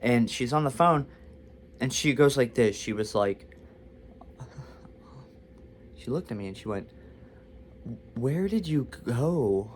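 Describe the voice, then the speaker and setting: A man's voice: medium pitch, measured pace, long pauses, slight background noise. Man, vlogger, storytime monologue, rambling, self-deprecating, restarts, mid-range voice.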